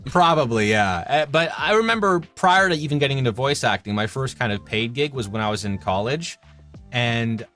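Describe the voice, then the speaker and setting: A Canadian man in his thirties talks casually as an interview guest, spinning animated anecdotes about his work. His voice sits at a middling pitch, with faint music under it. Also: normal speed. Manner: chatty, animated anecdotes with acted-out quotes. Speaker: voice actor guest.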